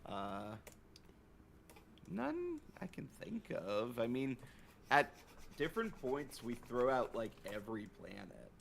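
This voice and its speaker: A man's voice: mid-range voice, very animated, slow, vocal fry, pauses often, a little hiss or hum. A man co-hosting a drawing livestream, chatting casually in a laid-back way and reading viewer questions aloud. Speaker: co-host of an art stream.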